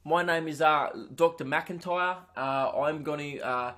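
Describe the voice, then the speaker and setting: Guy doing a british eye doc, friendly, kinda halting with lots of uhs, pitched a bit high. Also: a bit bright. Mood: casual. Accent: British, put on. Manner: casual, hesitant, lots of "uh".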